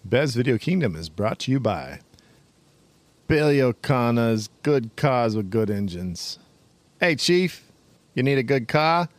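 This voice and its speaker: A man's voice: mid-range voice, big pitch swings, a little slow, no room sound. Guy putting on a pushy boston car salesman, crude hard-sell patter, dry close sound. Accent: put-on Boston, with a touch of Irish. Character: brash male Boston car-lot pitchman. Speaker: podcast co-host.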